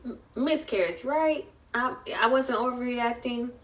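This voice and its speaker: A woman's voice: on the high side, a little slow, distant mic. Chatty young woman. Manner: chatty, emotional retelling with voiced quotes. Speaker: vlogger. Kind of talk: storytime vlog.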